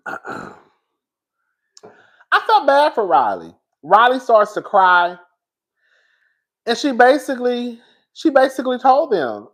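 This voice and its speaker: A man's voice: high-pitched, slow, long pauses. A man giving casual, dramatic commentary on a reality show, talking straight to his viewers with emphatic repeats and frank swearing. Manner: animated, dramatic storytelling with emphatic repetition; swears freely and addresses listeners as "girl".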